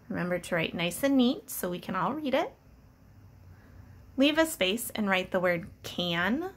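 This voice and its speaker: A woman teacher giving a patient, encouraging reading lesson, sounding out letters slowly for young children. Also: mid-range voice, bright, forceful tone. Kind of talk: slow, clear early-reading lesson.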